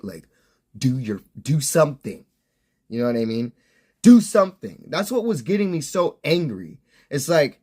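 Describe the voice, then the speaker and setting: A young man with a notably high voice vents in a casual, swear-laden rant. He sounds exasperated, piling on complaints and repeating himself as he streams. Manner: heavy swearing, exasperated ranting. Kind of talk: casual ranting monologue.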